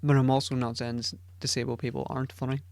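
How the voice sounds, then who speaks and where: A man's voice: medium pitch, little pitch movement, quick pace, creaky, a little mellow. A man hosting a podcast alone, rambling casually, swearing often and putting himself down. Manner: rambling and profane, self-deprecating. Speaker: podcast host. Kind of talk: casual solo podcast chat.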